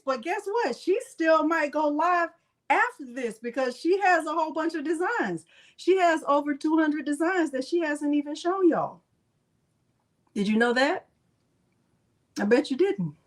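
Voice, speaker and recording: A high-pitched woman runs a casual crafting livestream. She talks in a chatty, playful way and greets her viewers one by one. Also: expressive, a little slow.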